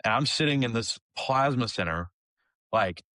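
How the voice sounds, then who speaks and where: A young man in his twenties who leads a kids ministry tells a personal story, acting out the dialogue with casual animation and lots of fillers like "like" and "um." His voice is medium-pitched at a moderate pace, recorded dry with studio quality.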